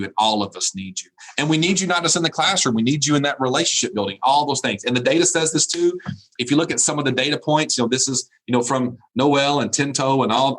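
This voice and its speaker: Animated male keynote speaker over a video call. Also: mid-range voice, low-quality recording. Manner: animated storyteller, chuckles at own jokes; earnest and encouraging. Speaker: college dean giving a keynote. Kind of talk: motivational keynote with anecdotes. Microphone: video call mic.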